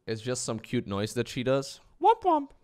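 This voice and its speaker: A man chatting casually and jokingly on his live stream, animated and playful. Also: moderate pace, smooth. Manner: joking, animated, with playful high-pitched squeals.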